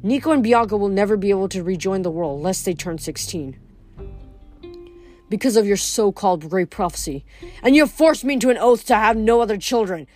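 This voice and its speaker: A woman's voice: mid-range voice, a little fast, darkish tone, lightly acted. A woman voicing a grieving, wrathful male god of the dead in a storybook reading, growling and bitter, with faint music behind.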